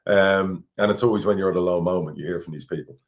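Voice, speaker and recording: A middle-aged Irish football club chairman speaks candidly on a podcast in a fast, low-sitting voice. He's blunt, swears freely, and repeats words when he gets worked up.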